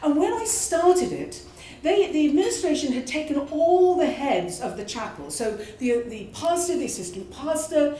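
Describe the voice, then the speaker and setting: Animated British woman telling a story. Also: high voice, normal speed. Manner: animated, expressive. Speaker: prison chaplain. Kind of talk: live personal storytelling. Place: pub venue at a live storytelling show. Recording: echoey room from a live show.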